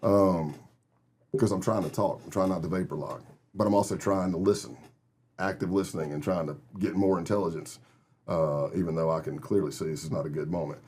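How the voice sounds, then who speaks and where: A man's voice: low-pitched, steady tone, fairly quick, a little mellow, husky. A middle-aged man from Texas, a guest telling vivid stories in a casual interview and acting out other people's lines. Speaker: guest, retired FBI agent.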